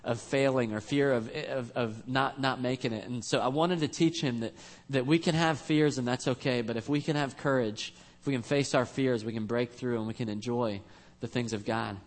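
A man's voice: mid-range voice, steady tone, normal speed, hardly any pauses. A man preaching in a church as pastor, telling a family story in a casual, joking, conversational way. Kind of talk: storytelling sermon.

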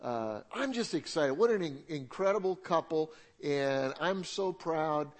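A man, a church pastor, introducing a guest speaker with frequent pauses and fillers. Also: fairly high pitch, expressive. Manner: halting, many fillers.

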